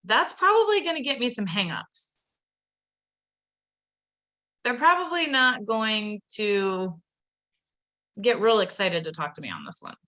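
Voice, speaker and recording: A woman presenting a live online training webinar with a bright, forceful tone. She talks in a chatty, upbeat way and speaks straight to her viewers. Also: medium pitch, sing-song, measured pace, long pauses. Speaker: webinar presenter training real estate agents.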